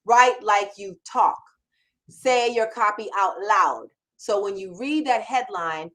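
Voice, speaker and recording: A woman hosting a live mentoring Q&A, talking emphatically and conversationally. Her voice sits fairly high, and she often restarts and repeats phrases to drive a point home. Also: expressive, moderate pace, rough recording. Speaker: copywriting mentor and show host. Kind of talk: live Q&A chat.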